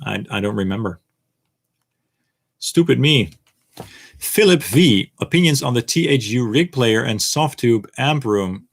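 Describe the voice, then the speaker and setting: A man hosting a live Q&A stream, reading viewer questions aloud and answering in a relaxed, rambling way. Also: medium pitch. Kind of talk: casual livestream Q&A.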